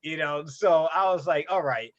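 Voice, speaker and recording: A man co-hosting a gaming podcast, telling a story in an animated, casual way with plenty of swearing. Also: fairly high pitch, normal speed. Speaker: podcast co-host. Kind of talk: casual chat. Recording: dull lo-fi audio.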